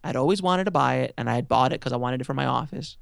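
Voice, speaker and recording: A man guesting on a podcast, telling an animated, self-mocking anecdote and laughing often. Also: mid-range voice, racing, gravelly, dry recording, clean studio sound. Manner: animated, excitable storyteller who laughs often. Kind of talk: casual interview storytelling.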